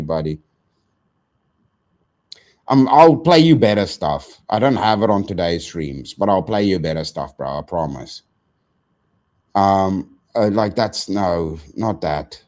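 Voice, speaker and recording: A man's voice: fairly low pitch, a little mellow. A young man ranting on a live stream, profane and exasperated, saying bro and dude constantly.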